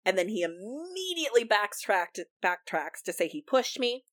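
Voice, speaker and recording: A woman co-hosting a casual podcast, retelling events with animated quotes. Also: medium pitch, moderate pace. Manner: animated storytelling, quoting people. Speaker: podcast co-host. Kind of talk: casual recap chat.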